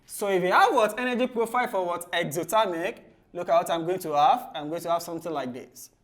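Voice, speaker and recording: Man, chemistry tutor, exam-prep lesson, asks "what?" after each phrase, answers quietly. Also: fast talker. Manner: drops to a low, soft voice on the answer words.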